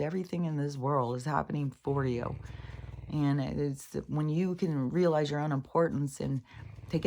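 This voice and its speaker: A woman rambling casually in a spiritual vlog, swearing freely and getting animated as she retells a scene. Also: sits low, slight background noise. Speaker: spiritual vlogger. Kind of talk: rambling monologue.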